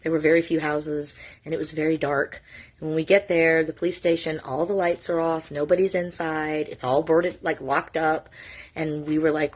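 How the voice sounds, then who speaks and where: A woman's voice: low-pitched, little pitch movement, moderate pace. A middle-aged woman tells a family story to the camera in a casual vlog, emotional and fighting back tears, swearing freely. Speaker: mother telling her family's story.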